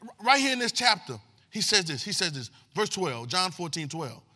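Man, preacher, high voice, very bright tone, animated sermon, call and response. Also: moderate pace. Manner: animated street-talking preaching, call and response, shouting at peaks.

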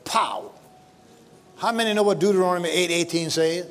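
Male pastor, high voice, sermon delivery with call-and-response and shouted peaks, folksy humor, faint music behind. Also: a little fast, in a large hall. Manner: folksy, joking asides to the congregation. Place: church sanctuary.

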